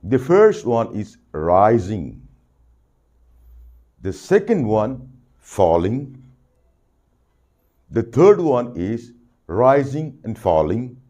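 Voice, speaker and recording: A man giving a soft skills lesson, deliberate and repeating phrases for emphasis. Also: medium pitch, very animated. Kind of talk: spoken lesson to camera.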